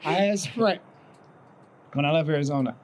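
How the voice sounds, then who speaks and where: High-voiced man telling a profane story. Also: moderate pace, rough recording. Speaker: podcast co-host. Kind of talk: casual storytelling chat.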